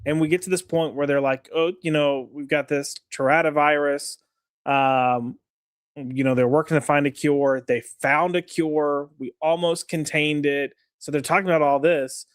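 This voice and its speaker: A man's voice: on the high side, fairly even intonation, normal speed, clear, resonant tone, no room sound, clean studio sound. A man co-hosting a comics podcast, talking in an easygoing, rambling way with many fillers and restarts. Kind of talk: casual chat.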